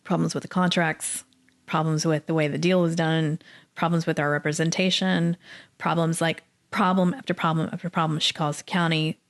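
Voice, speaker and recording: A middle-aged woman from Dallas, Texas, telling her story as a podcast guest, animated and acting out the people she quotes. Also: low-pitched, moderate pace. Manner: animated, acts out quoted voices. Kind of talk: casual storytelling interview.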